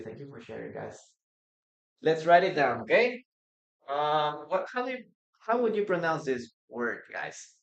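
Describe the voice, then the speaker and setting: Slow-spoken teacher. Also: medium pitch, dull audio. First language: Spanish. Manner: repeats words slowly for pronunciation, reads out chat. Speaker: English teacher. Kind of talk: live-streamed English lesson. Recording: roomy echo.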